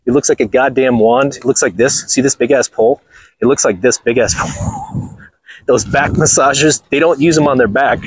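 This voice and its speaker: A man's voice: medium pitch, normal speed, breathy edge, no echo, low-quality recording. A man from Los Angeles, hosting a blunt, crude vlog rant while walking outdoors on a golf course. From Los Angeles, USA. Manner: blunt, crude and mocking, laughs often. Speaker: channel host.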